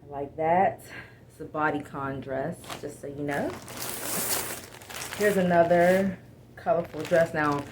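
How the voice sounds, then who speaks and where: A woman with a somewhat low voice talks casually through an unboxing at home, lively and exasperated, turning to her viewers as y'all. A faint hiss of noise sits under her voice. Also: a little slow, pauses often. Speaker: haul vlogger.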